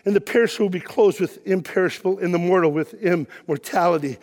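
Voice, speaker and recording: A middle-aged man preaching a sermon to his congregation, emphatic and building to shouted peaks. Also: sits high, fast talker, hardly any pauses. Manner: emphatic preaching, shouting at peaks, quiet when telling personal story. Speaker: pastor. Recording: long hall reverb.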